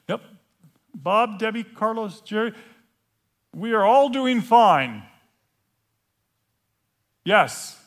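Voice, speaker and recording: A man delivers a storytelling sermon in an animated, playful way, acting out scenes as he goes. His voice sits a little high, and he takes his time, often breaking off and restarting a phrase. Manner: halting, with frequent restarts. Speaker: preacher.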